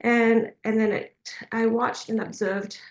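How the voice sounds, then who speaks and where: A woman's voice: a little high, little pitch movement, a little slow. A woman leading a faith group meeting, telling a personal story casually with many fillers and frequent laughs. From Australia. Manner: chatty, hesitant with frequent fillers, laughs often. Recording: roomy echoey sound.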